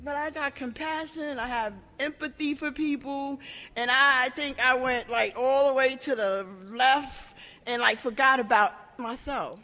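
A woman giving a raw, emotional personal share at a support meeting, talking in halting bursts with many restarts and plenty of swearing. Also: high-pitched, steady tone, pushed and bright. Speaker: member sharing at a support meeting. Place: meeting room. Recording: echoey hall.

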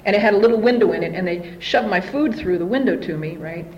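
A woman's voice: mid-range voice, quick pace, a little mellow, highs cut off, a little hiss or hum. Candid woman sharing a recovery story. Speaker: speaker sharing her story at a recovery meeting. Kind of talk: personal recovery testimony.

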